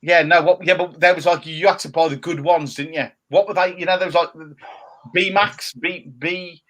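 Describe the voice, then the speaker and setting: On a casual chat show, a male co-host with a slightly high, bit-bright voice talks at a moderate pace with fairly even intonation. He teases his co-host in jokey banter, does mocking impressions, and reads viewer comments.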